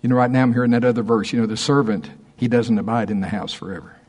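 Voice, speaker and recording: A man preaching a conversational sermon, laughing often and slowing down to stress scripture verses. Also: mid-range voice, steady tone, a little mellow, husky. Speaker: pastor.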